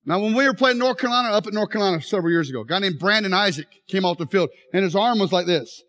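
Preacher, middle-aged man, lively swooping delivery, acts out voices in his stories. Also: high voice, racing. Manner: animated storytelling, acts out voices. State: injured leg, straining. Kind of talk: sermon with live demonstration.

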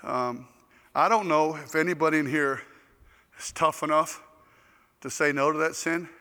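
A man preaching in a bright, high, forceful voice, telling a sermon story with jokes and loudly acted-out quotes. His voice rings with long hall reverb. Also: moderate pace, clean tone. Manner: animated, joking storyteller who acts out quotes loudly.

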